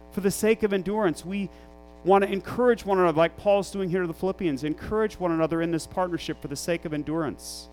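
High-pitched guy pastor preaching, lots of "what's the secret?" questions, quiet music in the back. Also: rough recording. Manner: preaching with rising emphasis and rhetorical questions. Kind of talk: sermon.

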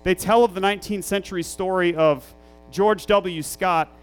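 A man's voice: sits high, steady tone, moderate pace, smooth, low-quality recording. A man pastoring his church, preaching a sermon with rhetorical questions and rising emphasis.

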